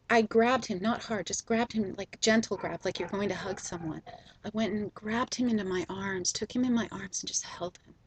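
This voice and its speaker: Husky, soft-spoken woman telling a story. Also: mid-range voice, no room sound, poor audio. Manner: soft, slow and gentle with frequent ums. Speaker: spiritual video host. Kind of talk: reflective personal storytelling.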